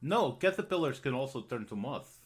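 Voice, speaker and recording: A man's voice: mid-range voice, big pitch swings, normal speed, close to an everyday voice. A man doing a gloomy toymaker with broken English. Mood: earnest. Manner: clipped broken English, no articles.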